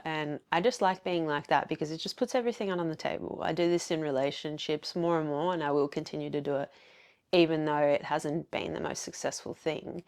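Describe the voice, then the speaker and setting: A woman's voice: deep voice, lively intonation, brisk, darkish tone. A woman with an Australian accent hosting a solo podcast, talking candidly and reflectively with many fillers. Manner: candid, confessional, fillers and quoted self-talk. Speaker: podcast host.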